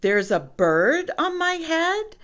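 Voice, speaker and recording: A woman's voice: very high-pitched, big pitch swings, slow, pitched above the performer's own voice, exaggerated voice. A woman voicing an anxious, careful male elephant in a storybook reading, raising her voice in alarm. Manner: worried, shouting in alarm.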